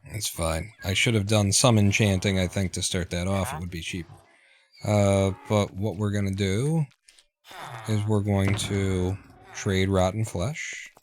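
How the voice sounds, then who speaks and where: Low-voiced man streaming a game. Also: a little slow. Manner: relaxed, muttering to himself. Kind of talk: casual gameplay commentary. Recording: noisy home recording.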